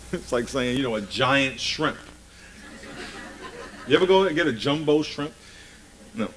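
A man's voice: mid-range voice, lively intonation, takes it slowly, long pauses, a bit bright, a little hiss or hum, rough recording. A man preaching a sermon emphatically, often asking the congregation rhetorical questions.

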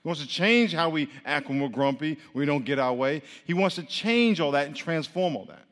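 A man preaching a lively, interactive sermon, playfully teasing the congregation and leading them in repeat-after-me chants. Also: on the high side, normal speed. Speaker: pastor. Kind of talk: interactive sermon with call-and-response. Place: church hall. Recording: long hall reverb.

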